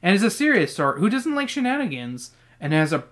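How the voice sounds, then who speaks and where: Here a podcast host with a medium-pitched, brisk voice reads a kids' book out loud and mocks it with swearing and sarcasm. The tone jumps between deadpan reading and loud bursts.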